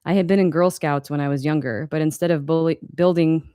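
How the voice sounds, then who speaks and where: Woman in her 30s reading her memoir live, smooth clear voice, dry close sound, wry and candid. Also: sits low, steady tone, a little fast, mellow, no echo. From Los Angeles, USA. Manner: candid, wry, occasionally stumbles and corrects herself.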